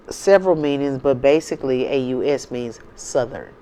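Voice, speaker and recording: A woman's voice: a bass voice, sing-song, a little fast, creaky, hardly any pauses, dark tone. A woman from the United States hosting her own channel, talking casually and emphatically to her viewers and often checking in with "okay?" and "you know". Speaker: channel host.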